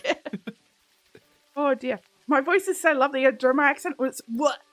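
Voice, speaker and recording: A woman's voice: sits high, normal speed, a bit bright. A woman from Australia with an Australian accent, streaming and chatting playfully, laughing often. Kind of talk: casual chat while gaming. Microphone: desk mic.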